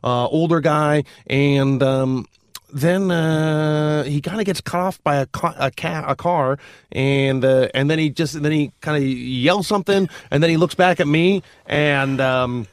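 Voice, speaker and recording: A podcast host with a slightly high voice rambles through a story, full of filler words and deadpan asides. The recording is close and dry. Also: male voice, a little slow, clear, resonant tone, no echo. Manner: rambling, hesitant, deadpan jokes. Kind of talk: casual chat.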